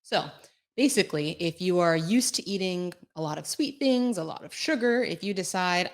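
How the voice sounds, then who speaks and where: A woman's voice: lowish voice, lively intonation, normal speed. A woman co-hosting a health podcast, explaining things in a chatty way with acted-out little asides. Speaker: podcast co-host, health coach. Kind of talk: casual podcast chat.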